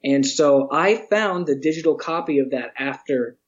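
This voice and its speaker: Man, highish voice, chatty guest who acts out quotes; slightly muffled audio. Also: moderate pace. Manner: animated storyteller, acts out quotes, laughs often. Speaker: interview guest, museum educator. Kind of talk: casual storytelling interview.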